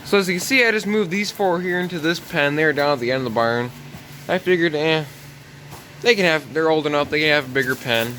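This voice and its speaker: A man's voice: fairly high pitch, expressive, brisk, bright, forceful tone, slight background noise. Easygoing young farmer touring his barn. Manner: easygoing, rambling with many "so yeah" fillers. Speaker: farm vlogger. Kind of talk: casual walk-through tour. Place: inside a barn on a farm.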